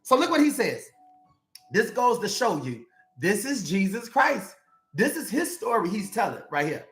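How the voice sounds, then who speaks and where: A man in the role of a life coach, giving an animated, preachy motivational sermon with repeated calls to his listeners. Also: sits high, moderate pace. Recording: echoey room with faint music.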